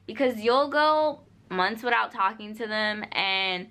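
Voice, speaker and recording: A woman's voice: fairly high pitch, animated, measured pace, pushed and bright. A young woman vlogging, giving casual, unscripted advice straight to camera, full of "like" and "you know". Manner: earnest, direct advice-giving.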